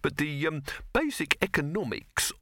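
A man's voice: a little high, big pitch swings, moderate pace, gravelly, sharp tone, no echo, clean studio sound, pitched above the performer's own voice, heavily acted. A man doing a fussy, fretful backer. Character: fussy, anxious male film backer.

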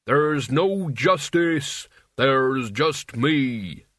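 A man voicing a young man who has turned cold and dangerous. He speaks slowly and softly, every word a threat, in a dry, close recording. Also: animated, no room sound, full character voice. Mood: menacing. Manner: slow, low, threatening.

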